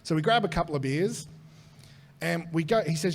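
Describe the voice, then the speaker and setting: Australian male comic, slightly high voice, animated live storyteller who swears freely and acts out quotes. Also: moderate pace, gravelly, pauses often, a little hiss or hum. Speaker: comedian guest.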